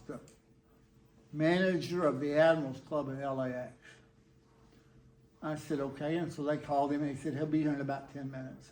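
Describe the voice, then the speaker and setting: An older man with a Texan accent, telling a folksy story to a live audience in a laid-back, whimsical way. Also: fairly high pitch. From Texas. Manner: laid-back, folksy, acts out quoted dialogue. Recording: roomy hall echo.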